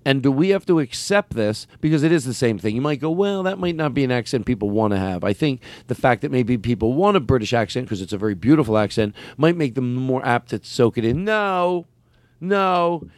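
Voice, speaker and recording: On his comedy podcast, a male host talks casually in a medium-pitched, lively voice at a brisk clip, with no echo. He rambles, restarts, and keeps circling back to hammer his point home insistently.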